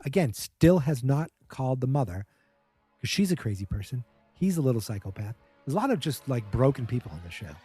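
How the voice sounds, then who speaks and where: A man's voice: medium pitch, dark tone, slightly rough. A man hosting a podcast, casually recapping a TV episode in a chatty, wry way and mimicking the characters' lines. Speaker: podcast host.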